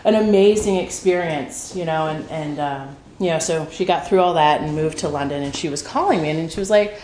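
A woman's voice: low-pitched, a little fast, a little mellow. A woman telling a personal recovery story at a meeting, candid and emotional, swearing freely and full of fillers. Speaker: speaker sharing at a recovery meeting. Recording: echoey room with noise.

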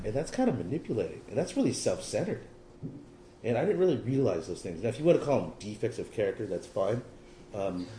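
A man's voice: mid-range voice, dark tone, roomy sound, slight background noise. A middle-aged man from California giving a rambling, wry personal testimony at a recovery meeting. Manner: rambling, self-deprecating, wry humor.

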